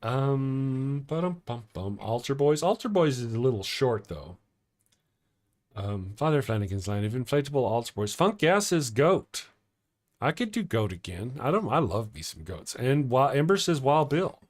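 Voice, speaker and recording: A man's voice: medium pitch, big pitch swings, moderate pace, darkish tone. A middle-aged man hosting a casual morning livestream, rambling and chatty as he reads viewer comments aloud. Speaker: morning show livestream host.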